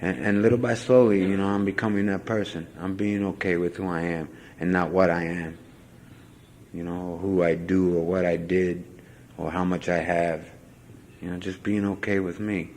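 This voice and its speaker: A man's voice: sits low, level tone, moderate pace, darkish tone, slight background noise, rough recording. Rambling man sharing his recovery story. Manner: rambling, heavy "you know" fillers, self-mocking. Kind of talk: personal testimony talk.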